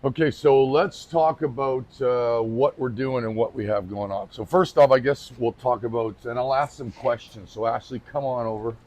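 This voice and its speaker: A man speaks casually on camera for his company. His voice sits at an ordinary middle pitch. He is chatty and informal, restarts his sentences and slips in light jokes. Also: moderate pace, hardly any pauses, a little mellow. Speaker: company representative presenting the brand.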